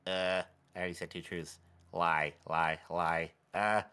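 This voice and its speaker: A man narrating a tabletop game as game master, in a playful, animated way. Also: low-pitched, measured pace, smooth.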